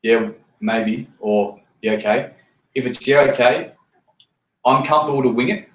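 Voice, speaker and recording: A man's voice: mid-range voice, moderate pace, fairly bright tone. Brief: man, team leader, blunt and profane, recorded from across a roomy space. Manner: swears freely, repeats himself, straight-talking. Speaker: team leader running a meeting. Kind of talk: blunt motivational talk. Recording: roomy sound from a distance.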